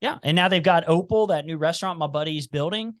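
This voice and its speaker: A talkative man with a slight Appalachian twang, chatting as a podcast guest. His voice sits a little high for a man and sounds close and dry. He talks in animated bursts and restarts his sentences as he goes. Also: quick pace, no room sound. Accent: slight Appalachian twang, Cincinnati. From Cincinnati area, United States. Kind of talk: casual chat.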